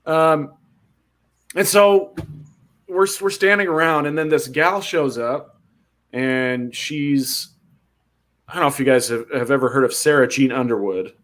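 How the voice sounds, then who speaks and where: A young man hosting a podcast, telling a story with lots of acted-out quotes and big jumps in pitch. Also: a little slow, long pauses, a bit bright. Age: young adult. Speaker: podcast host. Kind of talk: animated storytelling.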